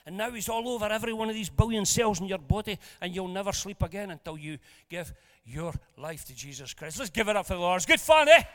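High-voiced pastor in a reverberant hall. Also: male voice, quick pace, hardly any pauses. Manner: animated, jokey storyteller who swings between loud and hushed. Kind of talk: storytelling sermon. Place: church hall. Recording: long reverb of a church hall.

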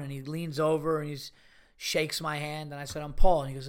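Male comedian host, slightly high voice, casual profane storytelling monologue. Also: brisk, smooth. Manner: rambling, profane, animated retelling with quoted voices.

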